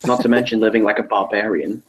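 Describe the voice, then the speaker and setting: A man's voice: on the low side, steady tone, fast talker, low-quality recording. A man in a casual online chat with a sarcastic, dry sense of humor.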